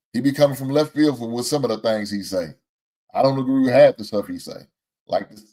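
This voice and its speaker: On a laid-back sports talk program, the male host chatters excitedly in Southern American slang, breaking into frequent laughter. His voice sits at a medium pitch.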